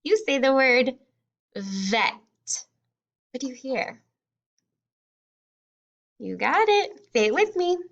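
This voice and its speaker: A woman kindergarten teacher leads a phonics drill at an unhurried pace, her voice sitting a little high. She stretches out each sound and praises the children warmly. The recording sounds muffled and lo-fi. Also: sing-song, creaky. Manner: encouraging, sounds out words slowly and distinctly. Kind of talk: slow, clear phonics lesson for young children.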